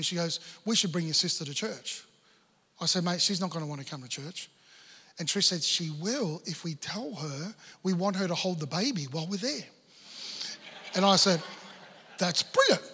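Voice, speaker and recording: An Australian man preaching a sermon, telling a family story and acting out the dialogue with lively energy. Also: a little high, normal speed, husky, big-room sound. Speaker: pastor.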